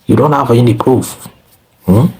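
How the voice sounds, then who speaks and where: A man's voice: medium pitch, unhurried, a little mellow, breathy edge, rough recording. A man with a non-American accent giving defensive commentary to the camera, full of rhetorical questions. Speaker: video commentator.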